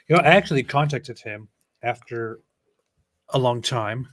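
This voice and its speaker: A man's voice: a little high, slow pace, dry recording. A man co-hosting a casual livestream, joking and reading viewer comments aloud. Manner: joking, reads comments aloud, laughs often.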